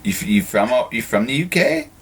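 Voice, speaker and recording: A man's voice: medium pitch, huge pitch swings, moderate pace, husky. A man hosting a podcast interview in casual conversation, often restarting and repeating words as he thinks aloud. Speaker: podcast host.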